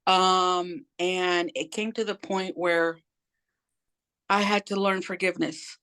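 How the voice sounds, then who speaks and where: A woman's voice: lowish voice, steady tone, slow pace, a bit bright, smooth. A middle-aged woman speaking as an interview guest, telling her personal story candidly and acting out the voices of people she quotes in casual, slangy talk.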